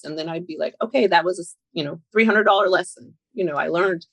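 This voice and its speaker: A woman's voice: lowish voice, fast, slightly rough, no room sound, rough recording. A woman guest on a podcast, talking candidly and with self-deprecating laughs. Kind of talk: casual conversation.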